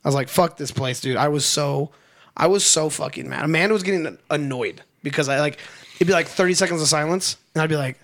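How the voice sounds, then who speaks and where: Young guy ranting through a funny story, kinda high voice, swears a lot, acts out everybody's lines. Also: quick pace. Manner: animated storyteller, swears freely, acts out dialogue. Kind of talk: casual chat.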